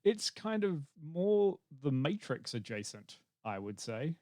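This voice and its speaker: A man's voice: fairly high pitch, very animated, unhurried, darkish tone, dry recording. A man hosting a casual podcast chat, joking and laughing often, rambling with fillers. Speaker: podcast host.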